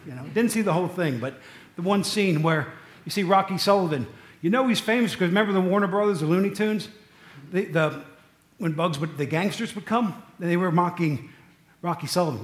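A man's voice: high voice, animated, a little fast, roomy sound. A man preaching a sermon, telling stories in a loose, conversational way with asides to the congregation. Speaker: pastor.

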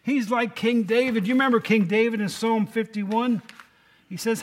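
Middle-aged male pastor with a high voice, chatty sermon delivery that keeps asking the congregation questions. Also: steady tone, moderate pace. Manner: conversational, asks the congregation questions.

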